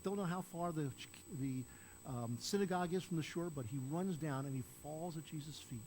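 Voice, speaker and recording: A man's voice: a little high, brisk, a little mellow, slight background noise, poor audio. An older man preaching a sermon as pastor, talking to the congregation in a conversational way, asking them questions and acting out quoted lines. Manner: conversational, asks the listeners questions; acts out quoted lines in a raised voice.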